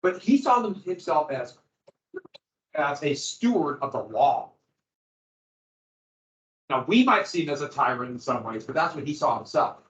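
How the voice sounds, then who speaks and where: A man's voice: a little high, sing-song, unhurried, long pauses, a bit bright. A man teaching a history class, explaining in a loose, conversational way to his students in a classroom. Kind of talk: classroom lecture. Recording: echoey, dull lo-fi classroom audio.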